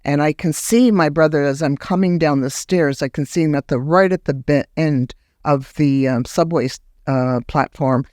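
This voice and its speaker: Woman guest, animated storyteller, dry recording. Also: dry recording. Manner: animated, acts out remembered words in a higher voice; halting restarts when recounting. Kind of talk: personal storytelling in a podcast interview.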